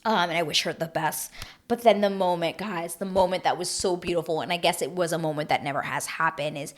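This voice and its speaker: A woman's voice: lowish voice, normal speed. Chatty young woman gushing over a TV recap. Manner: chatty, gushing, filler-heavy with emotional asides. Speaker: recap vlogger. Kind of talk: casual reality TV recap.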